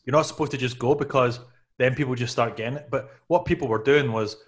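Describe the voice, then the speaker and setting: A man from Canada in loose podcast chat, rambling along with lots of fillers and restarts. His voice sits at an ordinary middle pitch. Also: fast. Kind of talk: casual chat.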